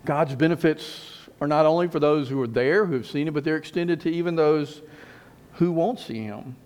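Guy pastor preaching, slightly high voice, repeats lines, slows down for emphasis. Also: a little mellow, clear, resonant tone. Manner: emphatic preaching with repeated phrases and slowed stresses. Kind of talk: sermon.

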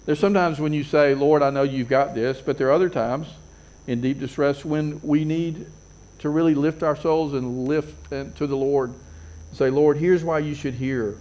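A man's voice: fairly high pitch, fairly even intonation, normal speed, darkish tone. A man preaching a sermon as a pastor, earnest, repeating phrases and building emphasis.

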